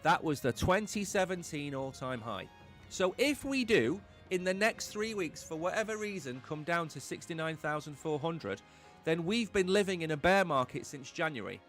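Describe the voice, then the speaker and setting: A man's voice: on the high side, very animated, moderate pace, a bit bright. Guy ranting about the market on his live stream, punchy and blunt, bit of music faint behind him. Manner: emphatic, blunt, opinionated. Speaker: crypto market show host.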